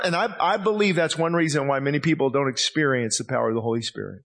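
A man's voice: medium pitch, fast, vocal fry, hardly any pauses, fairly bright tone. A man preaching a sermon as pastor, impassioned, acting out the voices he quotes.

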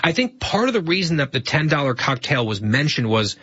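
A man co-hosting a talk show, teasing his co-host in casual comedic banter with a deadpan edge. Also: a little high, a little fast, breathy edge, muffled recording. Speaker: podcast co-host.

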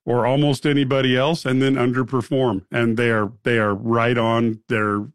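A man's voice: mid-range voice, little pitch movement, normal speed, no echo, clean studio sound. A man co-hosting a sports radio show, giving his picks with wry, sarcastic remarks. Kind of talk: casual sports picks chat. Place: radio studio.

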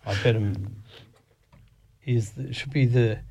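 A man's voice: mid-range voice, steady tone, slow, darkish tone, slight background noise. A man as a radio guest, talking in a hesitant way and stammering on the first words of his sentences. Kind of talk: casual chat.

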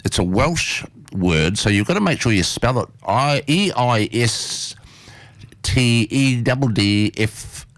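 A man's voice: mid-range voice, animated, takes it slowly, a bit bright, dry recording, studio quality. A man with an Australian accent hosting a community radio interview in an enthusiastic, chatty way.

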